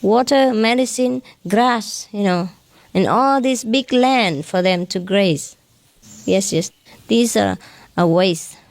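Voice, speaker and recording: A woman's voice: mid-range voice, takes it slowly, creaky, dry recording. Chatty woman spiritual teacher, dry sound. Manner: chatty, ends phrases with questioning "huh?"; self-mocking, joking about her broken English. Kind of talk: informal lecture to followers.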